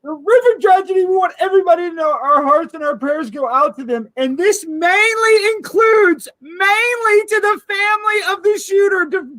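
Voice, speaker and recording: A man's voice: very high voice, dry recording, voice pushed up, rough recording. A man playing a grief-stricken father who sobs and wails through a public statement, voice breaking, in a comedy sketch. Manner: tearful, wailing, voice breaking. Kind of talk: comedic mock crisis acting.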